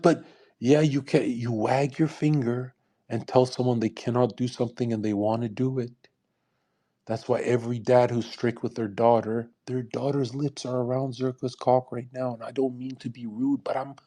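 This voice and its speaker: A young man in his twenties hosts a live audio room as a livestream host. His voice is mellow and mid-range, but his talk is crude, combative and boastful.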